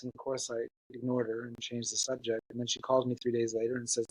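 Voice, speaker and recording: A man telling an earnest personal story as a guest, halting, with many restarts and fillers. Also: medium pitch, monotone, slightly rough, no echo, poor audio.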